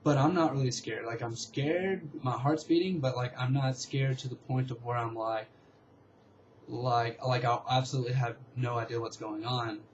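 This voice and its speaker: A man's voice: mid-range voice, moderate pace, dull audio, slight background noise. Rambling young man retelling a dream. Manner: rambling, filler-heavy, excitable retelling. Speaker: vlogger. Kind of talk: casual storytelling.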